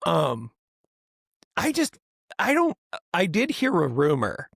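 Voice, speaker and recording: Animated gravelly man, rambling chat. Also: a little high, slow pace, dry recording, clean studio sound. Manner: rambling, animated, mimics voices for laughs. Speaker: podcast co-host. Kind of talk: casual chat.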